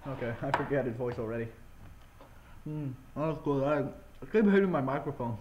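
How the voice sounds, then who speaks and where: This let's-play commentary comes from a gaming channel host at home who chats and eats with his mouth full, speaking straight into a close mic. His voice is a little high with a darkish tone, at normal speed. A slight hiss or hum is audible.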